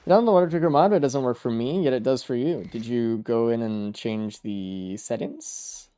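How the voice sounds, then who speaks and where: A man's voice: medium pitch, normal speed, warm tone, clean tone. A man streaming a game live, chatting casually with viewers in a laid-back, rambling way, trailing off with fillers. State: sleepy, yawning. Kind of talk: casual live-stream commentary while playing.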